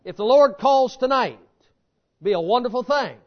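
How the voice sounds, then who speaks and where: High-voiced preacher, lo-fi recording. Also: male voice, moderate pace. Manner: folksy, animated storytelling preaching. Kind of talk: sermon. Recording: dull lo-fi sermon recording.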